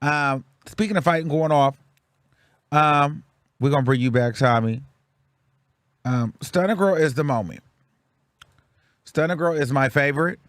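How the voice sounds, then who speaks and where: A young male show host from the Bay Area, California, gives sassy, blunt commentary on reality TV in casual chat, full of repetitive rants. His voice is on the high side with a fairly bright tone, and he speaks at a measured pace with long pauses. The sound is clean studio audio with no room sound.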